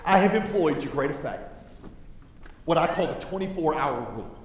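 A man preaching a sermon in a large church, his fairly high voice bouncing around a big reverberant hall. He talks like he's chatting with the congregation, dropping low and then building up loud. A faint noise floor sits under the recording. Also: normal speed. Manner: animated, conversational preaching with big swings in loudness. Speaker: pastor.

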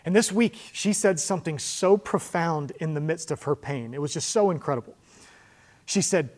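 A man preaching a sermon in a church, conversational, slowing down to stress key lines and asking the room questions. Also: a little high, a little mellow. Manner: conversational preaching, slows for emphasis, rhetorical questions. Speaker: pastor. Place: church sanctuary with congregation.

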